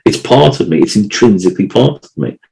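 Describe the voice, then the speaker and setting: Man, low-pitched, emotional, rambling, repeats himself, casual podcast chat. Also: animated, a little fast, creaky, dark tone, rough recording. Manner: emotional, rambling, many restarts and repeated words. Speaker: podcast co-host.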